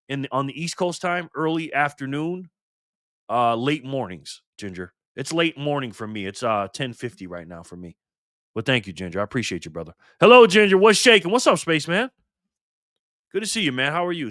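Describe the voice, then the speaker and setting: In his garage, an older man hosts his own live stream, talking fast and fired up, cursing freely and calling viewers "man" and "brother." His mid-range voice is bright and forceful. The sound is dry and close, without room echo.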